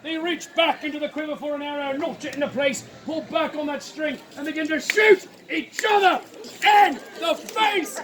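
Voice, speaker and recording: A high-voiced woman performs a loud, playful comic story for a live audience outdoors. She projects over a noisy crowd and laughs between her lines. The sound is an outdoor recording from a camera in the audience. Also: moderate pace. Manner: loud, playful, often laughing mid-line. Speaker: street performer leading an audience-participation show. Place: outdoor fairground.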